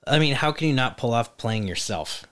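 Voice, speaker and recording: A man's voice: medium pitch, expressive, moderate pace, fairly bright tone, smooth. A man co-hosting a podcast, guessing along in an easygoing, casual chat. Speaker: podcast co-host.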